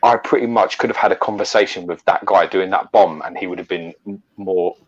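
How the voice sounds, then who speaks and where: A middle-aged man with a very low, deep voice tells rambling anecdotes, swearing freely and laughing between lines. The sound is a little dull and lo-fi, like a home live stream. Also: fairly quick. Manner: sweary, storytelling, laughs often. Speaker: co-host. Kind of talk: casual chat.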